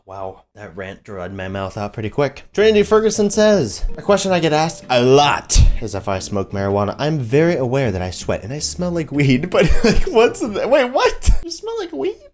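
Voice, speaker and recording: A young man hosting a comedy video, reading out viewer comments and reacting with sarcastic, animated commentary. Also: mid-range voice, moderate pace, faint music behind. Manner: animated, sarcastic, jumps into mocking voices. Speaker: YouTube host reading comments.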